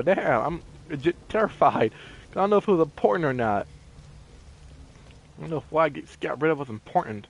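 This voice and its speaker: A man commenting on his own gameplay, easily startled and thinking out loud as he plays. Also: fairly high pitch, animated, fairly quick, creaky, pauses often. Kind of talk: let's play commentary.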